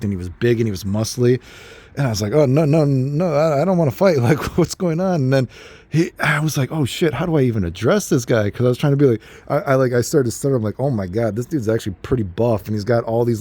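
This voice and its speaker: A young adult man telling casual anecdotes in an animated, rambling way, full of fillers and laughter. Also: medium pitch. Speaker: storyteller.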